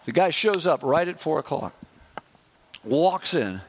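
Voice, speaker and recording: A middle-aged male pastor preaching a sermon, stressing his points and slowing down for lists. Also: a little high, expressive, a little hiss or hum.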